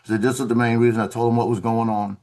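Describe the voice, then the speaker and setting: A man who used to be a Marine shares a story on a video call at a racing clip, his voice medium in pitch. Relaxed and conversational yet animated, he acts out the officers he quotes by taking on their voices.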